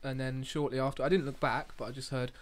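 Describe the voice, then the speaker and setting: A man's voice: medium pitch, flat delivery, fast talker. A man co-hosting a casual podcast chat, telling stories with dry asides. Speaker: podcast co-host.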